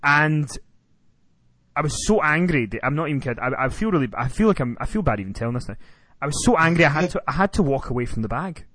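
A man hosting a podcast rants through a comic story in a profane, exasperated way. His pitch sits a little high and swings widely as he tells it. The sound is close and dry, with almost no room around it. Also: expressive, fast talker, a bit bright, no room sound. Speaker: podcast host. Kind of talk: storytelling rant.

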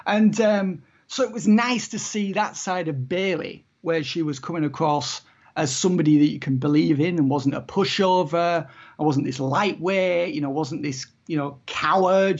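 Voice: medium pitch, a little mellow, breathy edge, highs cut off. A podcast co-host in casual chat, wry and opinionated, laughing often.

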